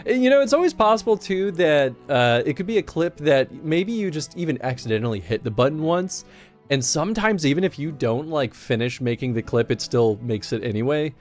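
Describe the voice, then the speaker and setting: A man's voice: fairly high pitch, sing-song, fairly quick, faint music behind. A man hosting a livestream, chatting casually in a rambling way while playing a game. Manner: rambling, with restarts and laughter. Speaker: livestream host.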